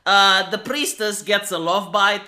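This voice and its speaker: Reviewing an anime episode over clips, a man rants with sarcasm, profanity, and rhetorical questions. His voice sits high and sharp, with a steady tone and an unhurried pace.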